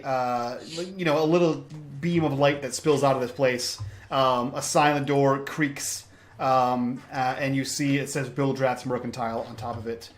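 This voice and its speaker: A male game master describing a scene in a tabletop game, pausing often on ums and uhs as he goes. A light hum of room ambience sits behind his voice. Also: medium pitch. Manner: halting, filler-heavy narration.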